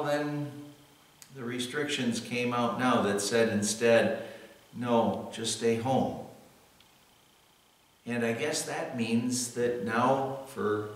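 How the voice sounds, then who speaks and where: A man giving a devotional talk as a pastor, unhurried and earnest, often pausing on "well". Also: mid-range voice, a bit bright. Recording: echoey room, voice from a distance.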